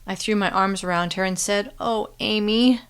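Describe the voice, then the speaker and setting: A woman reading a novel aloud in first-person narration with a steady, clear delivery. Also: medium pitch, fairly quick. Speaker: audiobook narrator.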